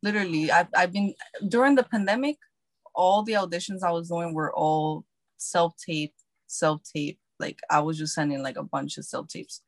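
Actress lady just chatting, deep voice, dry close sound, lots of likes. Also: moderate pace, dry recording. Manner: chatty, loose, repeating herself with fillers. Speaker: actor. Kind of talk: casual chat.

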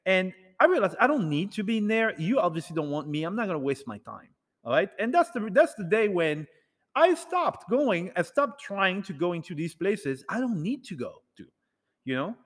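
A man telling a rambling, animated story to an audience in a casual talk, acting out bits of dialogue. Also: high voice, normal speed, long reverb tail. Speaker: speaker addressing an audience.

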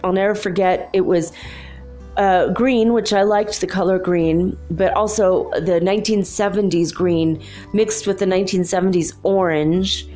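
A woman in her fifties, telling a childhood story in an animated, confiding way. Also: medium pitch, unhurried, faint music behind. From Los Angeles, USA. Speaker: spiritual speaker. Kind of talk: storytelling monologue.

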